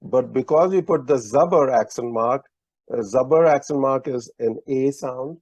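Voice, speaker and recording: A man's voice: mid-range voice, moderate pace, darkish tone, no echo, highs cut off. A man teaching a language lesson over a video call, explaining letters patiently and methodically. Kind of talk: online lesson explaining script.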